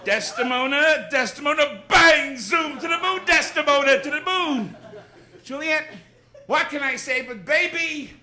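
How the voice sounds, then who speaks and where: A stand-up comedian playing a blustering loudmouth comic man hamming up Shakespeare, with bombastic bellowing. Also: extremely high pitch, a little slow, heavily acted. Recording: noisy live audience laughter.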